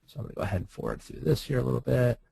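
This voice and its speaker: Man, casual screen tutorial, husky voice, mellow tone, chatty and breezy. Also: medium pitch, racing, dry recording, low-quality recording. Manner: chatty, laughs often, breezy asides. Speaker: online marketing instructor.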